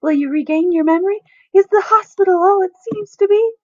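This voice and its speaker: A woman voicing a cheerful young woman giving an eager sales pitch for a game. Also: a little fast, warm tone, no room sound, highs cut off.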